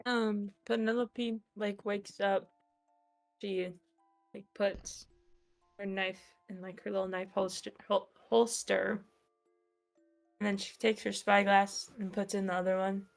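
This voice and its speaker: A woman's voice: medium pitch, level tone, a little slow, gravelly, long pauses, faint music behind. A woman player in a tabletop game, hesitant and self-mocking about her rolls. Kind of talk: tabletop role-play.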